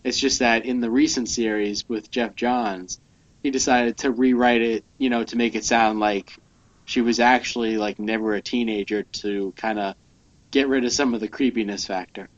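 A man co-hosts a casual comic book podcast, rambling through his points with plenty of fillers. His voice sits in a middle pitch, and the audio is dull and lo-fi. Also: fairly even intonation, normal speed. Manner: rambling, many fillers, reads lines aloud. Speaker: podcast co-host.

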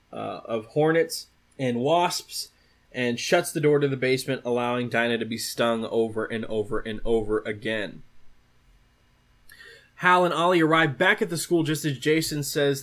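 A male podcast host retells a comic book plot in a relaxed, conversational way. His voice sits at a middling pitch, and his delivery is loose and easygoing. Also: measured pace. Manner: loose retelling with fillers and restarts. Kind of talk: casual comic book recap.

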